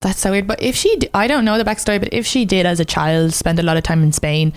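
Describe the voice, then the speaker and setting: A woman's voice: mid-range voice, fairly even intonation, dry recording. Chatty woman co-host, dry close sound. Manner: chatty, reacts with quick laughs and short agreements. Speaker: podcast co-host. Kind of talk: casual podcast chat.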